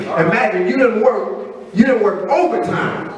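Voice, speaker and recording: A man preaching a sermon, telling the story conversationally and acting out quotes in a low voice. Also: measured pace. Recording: very echoey room, voice from a distance.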